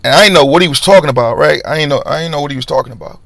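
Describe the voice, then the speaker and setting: A young man spins a casual storytime monologue in street slang, his voice gravelly and full of fry. He acts out other men's lines by pushing his voice higher. The sound is dry and close, with no room echo. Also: racing, a bit bright. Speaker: vlogger.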